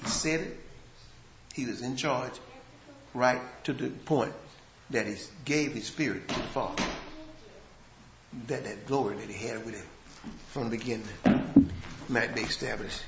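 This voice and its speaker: A man preaching a sermon in a folksy way, dropping to a hush and then rising to shouts. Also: mid-range voice, unhurried, pauses often, echoey room, highs cut off, noisy background. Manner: swings from hushed to shouting, folksy grammar.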